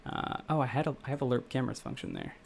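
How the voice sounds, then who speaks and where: A young man from the Midwest talks casually to his stream viewers while he builds a project, restarting his sentences and going off on tangents. His voice is gravelly and sits at a middle pitch. A faint hiss runs underneath. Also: wildly swooping pitch, fast talker, darkish tone. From Midwestern United States. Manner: rambling, self-correcting, chatty with viewers. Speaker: game developer streaming live. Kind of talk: casual live-stream chat while coding.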